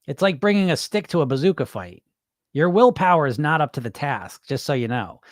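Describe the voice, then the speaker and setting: Guy on a live stream talking weight loss, blunt and swearing, pitch a bit high, dry close sound. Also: a little fast, dry recording. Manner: blunt, animated, swears freely, acts out dieters' inner voices. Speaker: weight loss hypnotist answering live chat. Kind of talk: casual live-stream talk.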